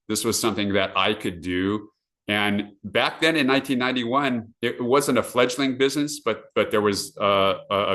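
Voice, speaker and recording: A middle-aged man from Southern California chats as a podcast guest over a video call. His slightly low voice has a bright, forceful edge, and he peppers his story with "uh" while jumping into lively quoted asides. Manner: many uh fillers, animated quoted asides. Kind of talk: casual storytelling.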